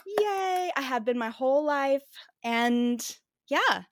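A woman's voice: on the high side, steady tone, takes it slowly, no echo, clean studio sound. A woman in her thirties co-hosting a podcast, chatting casually and laughing as she thinks aloud. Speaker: podcast co-host. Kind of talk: casual chat.

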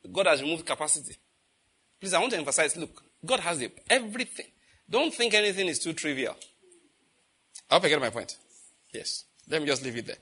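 Husky Nigerian preacher telling stories. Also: male voice, high-pitched, sharp tone. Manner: storytelling, asks the audience questions. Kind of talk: sermon.

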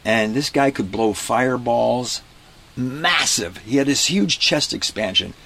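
A man being interviewed about his life as a street performer, telling stories in a relaxed, casual way and acting out the people in them. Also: mid-range voice, a little slow, vocal fry. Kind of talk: casual storytelling. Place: inside a parked vintage bus.

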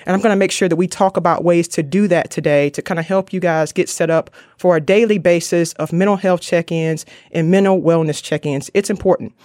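Guy with a pretty high voice talking about mental wellness, earnest, dry close sound. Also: fairly even intonation, a little fast, few pauses, darkish tone, dry recording. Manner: earnest, retells stories with quoted lines. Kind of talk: casual motivational talk to viewers.

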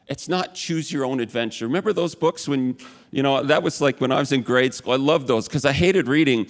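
A pastor preaching a conversational sermon, chatty and prone to self-mocking asides. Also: male voice, mid-range voice, lively intonation, normal speed, in a large hall.

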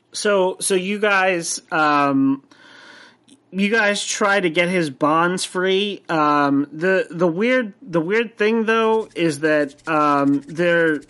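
A man running a tabletop game as game master, narrating hesitantly with many pauses and fillers. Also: on the high side, a bit bright.

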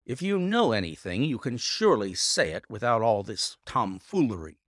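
A man's voice: mid-range voice, sing-song, normal speed, fairly bright tone, dry recording, clean studio sound. A man voicing a blustering middle-aged police inspector in a read-aloud detective story, speaking indignantly. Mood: irritated. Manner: indignant, scolding.

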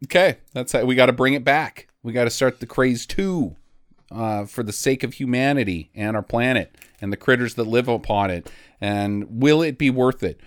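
A man's voice: mid-range voice, normal speed, smooth, no echo, clean studio sound. A man hosting a casual comedy podcast, joking and laughing, often slipping into mock voices. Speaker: podcast host.

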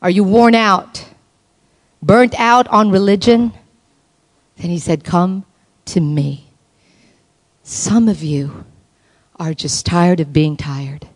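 A woman preaching a sermon at a women's conference, passionate, swinging from soft low appeals to high exclaiming calls. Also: slow pace, long pauses.

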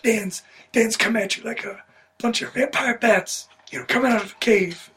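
A man's voice: sits high, normal speed, a bit bright, a little hiss or hum. A man co-hosting a comedy podcast, teasing the others and fussing over the sound levels. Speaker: podcast co-host running the levels. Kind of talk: casual comedic banter.

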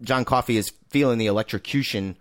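A man's voice: medium pitch, quick pace, no echo, studio quality. A man co-hosting a casual movie review podcast, laid-back and swearing, arguing his points. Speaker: podcast co-host.

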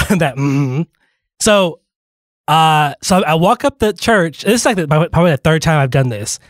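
A man's voice: fairly high pitch, animated, measured pace, no room sound, studio quality. A man co-hosting a radio show, telling a rambling story in casual chat, full of fillers and restarts, with a slight lisp from retainers.

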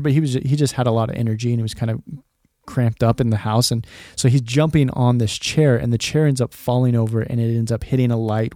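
Heard in a dry recording with clean studio sound, a thirties-aged man hosts a casual faith podcast. His voice is medium in pitch and warm, and his earnest, conversational talk is packed with "like" and false starts.

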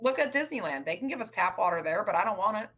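A blunt, opinionated woman in casual conversation, with a bright, sharp edge to her voice. She speaks her mind plainly and swears freely, sounding like she is talking through a computer mic on a call. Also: mid-range voice, animated, fast talker, slight background noise. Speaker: co-host. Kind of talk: casual chat.

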